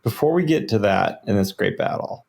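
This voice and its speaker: A man co-hosting a podcast, retelling a story in casual lore chat, animated and full of "like"s and fillers. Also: lowish voice, moderate pace, gravelly. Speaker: podcast co-host.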